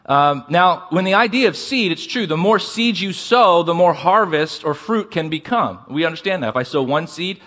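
A man preaching a sermon as pastor, asking the congregation for responses and slowing down to stress key words. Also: fairly high pitch, expressive, a bit bright.

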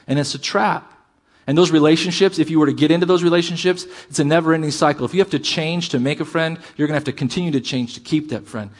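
A middle-aged man preaching a sermon as pastor, animated and shifting between loud emphasis and quiet asides. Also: a little high, fast talker.

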